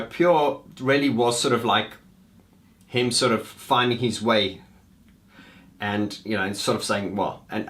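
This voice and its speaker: A man's voice: lowish voice, fairly bright tone. A man talking casually and unscripted to his viewers, rambling with fillers and restarts as if chatting with a friend. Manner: talks to viewers as friends, calls them guys. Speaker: music video host.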